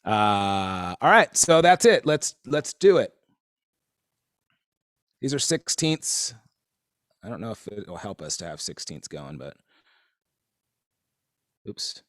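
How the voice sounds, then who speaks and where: A man's voice: on the low side, very animated, slow, pauses often, a bit bright, dry recording, studio quality. Easygoing man teaching drums. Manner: rambling, filler-heavy, easygoing. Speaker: drum teacher. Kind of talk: casual live-stream lesson.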